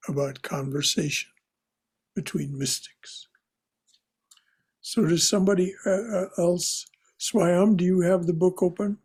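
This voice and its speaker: A man guides an online spiritual class, his voice a little breathy. He tells stories with emphasis and slows right down when he reads poetry aloud. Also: a little high, a little mellow. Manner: storytelling, emphatic, slow on poetry. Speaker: class leader.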